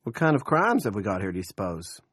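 A man voicing a smug, menacing older town boss who speaks slowly and oilily. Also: fairly low pitch, very animated, fairly bright tone, slightly rough, no echo, studio quality, heavily acted.

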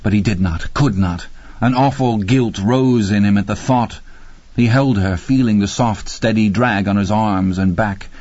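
A man with a fairly low voice reads horror fiction in a measured, grim and deliberate manner. The recording is close and dead-dry, with a slightly dull, muffled top end. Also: a little mellow, dry recording. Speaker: audiobook narrator. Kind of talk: horror audiobook narration.

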